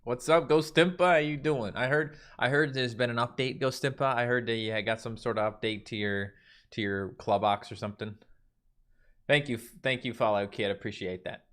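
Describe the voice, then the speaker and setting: A man's voice: medium pitch, steady tone, normal speed, fairly bright tone. A man from Newfoundland with a Newfoundland accent, chatting casually on a livestream from a mostly empty carpeted room and answering viewer chat. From Newfoundland, Canada. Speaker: livestream host.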